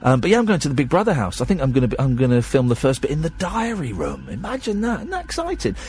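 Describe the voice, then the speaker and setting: A man's voice: mid-range voice, huge pitch swings, fast talker, darkish tone. A tired man, hosting a late-night radio show in a rambling, chatty, self-deprecating way.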